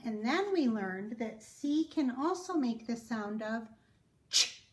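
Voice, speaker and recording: A woman teaching a phonics lesson, sounding out words slowly and carefully for young readers. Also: fairly high pitch, expressive, darkish tone, reverberant. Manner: slow, careful, drawn-out word sounding. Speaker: reading teacher.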